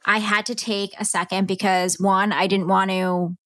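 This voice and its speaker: Middle-aged woman, candid podcast storyteller, mid pitch, dry close sound. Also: level tone, moderate pace, a bit bright, dry recording. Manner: candid, conversational, heartfelt. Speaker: podcast host. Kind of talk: personal storytelling monologue.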